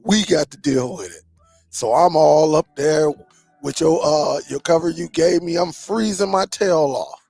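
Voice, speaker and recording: Guy hosting a live stream, gravelly voice, kinda high, dry close sound. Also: measured pace, darkish tone, no room sound, soft background music. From Michigan. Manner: laid-back, greets viewers by name, slangy. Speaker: streaming channel host. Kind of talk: casual live-stream chat.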